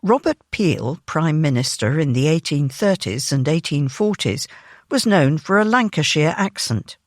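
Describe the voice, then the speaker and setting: A narrator with a medium-pitched voice reads a written news feature aloud in a measured, even manner. The recording is dry, captured on a close studio microphone.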